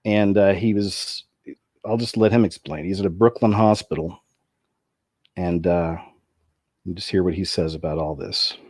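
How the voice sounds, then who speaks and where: A man's voice: deep voice, fairly even intonation, moderate pace, pauses often, a little mellow, no room sound, studio quality. A man hosting a commentary video, talking in a rambling way with many restarts and asides.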